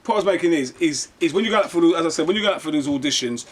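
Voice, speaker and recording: A fairly high-voiced man talks through his acting life in a loose, animated way, often restarting his sentences. Faint room ambience sits softly behind him. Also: rapid-fire, slight background noise. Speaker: actor and guest. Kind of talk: casual conversation, storytelling.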